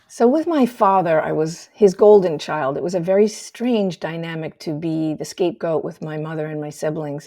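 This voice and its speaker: An older woman speaks in a gravelly, mellow voice, a little low for a woman. She tells her own story candidly and at a measured pace, often sinking to a quiet hush on the painful parts. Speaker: host sharing her story. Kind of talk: personal storytelling, reflective monologue.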